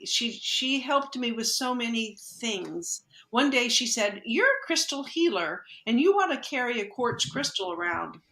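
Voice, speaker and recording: A woman guest on a podcast, telling a personal story in conversation and acting out the lines of the people in it. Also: a little high. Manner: lively storyteller who acts out quoted dialogue. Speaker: podcast guest, energy healer. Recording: echoey room.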